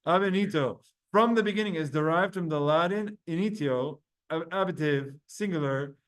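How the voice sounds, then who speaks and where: Energetic man teaching a Talmud class. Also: a little high. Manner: energetic, quick, asks the class questions.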